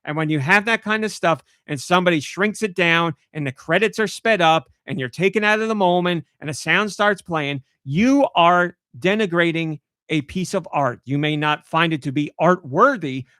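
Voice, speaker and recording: Guy on a podcast ranting, kinda high pitched, dry mic, acts out his own outbursts. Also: moderate pace, hardly any pauses, a bit bright, clear, resonant tone, dry recording. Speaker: podcast host. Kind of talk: casual podcast chat.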